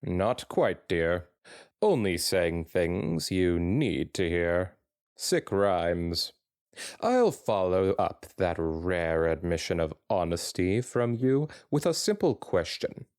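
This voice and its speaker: A man's voice: low voice, sing-song, slow, darkish tone, no room sound, exaggerated voice. A man voicing a wealthy middle-aged stallion pony in a dramatic fanfiction reading, blunt and dryly sarcastic. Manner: dry and sarcastic. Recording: dry close sound.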